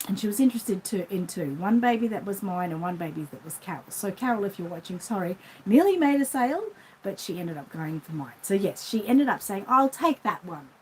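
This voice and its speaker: A woman's voice: mid-range voice, animated, a little fast, dark tone, a little hiss or hum, poor audio. A middle-aged Australian woman who runs a doll shop, telling a rambling everyday story in a casual vlog and acting out the voices in it. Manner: chatty, rambling, acts out the voices in her anecdotes. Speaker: reborn doll shop owner.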